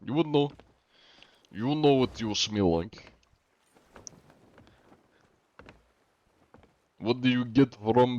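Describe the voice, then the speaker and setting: A man putting on a fake Russian accent to play a big sweaty Russian man, answering in deadpan broken English. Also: fairly low pitch, no room sound, lo-fi sound, lightly acted. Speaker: streamer.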